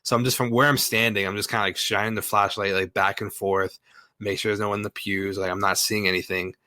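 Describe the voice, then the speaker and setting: A man's voice: fairly low pitch, quick pace, no echo. A man casually retelling a story, full of swearing and fillers. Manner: profane, filler-heavy, animated retelling.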